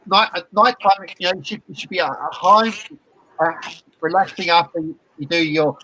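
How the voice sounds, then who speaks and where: A man chats in a rambling way, stumbling over repeated words and fillers. His voice is bright and sits a little high. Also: moderate pace, slight background noise, rough recording. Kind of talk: casual chat.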